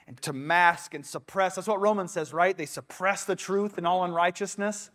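A man's voice: sits high, normal speed, hardly any pauses, fairly bright tone. A young adult man preaching a casual, conversational sermon in a church, breaking into quoted asides. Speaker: pastor. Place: church sanctuary.

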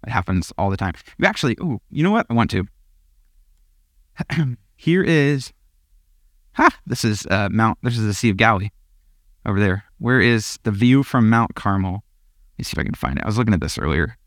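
A man's voice: fairly low pitch, animated, fairly quick, a bit bright, no room sound. Young male pastor, casual storytelling sermon, self-deprecating and giggly, close dry mic. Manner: chatty and self-deprecating, laughs often, goes off on tangents.

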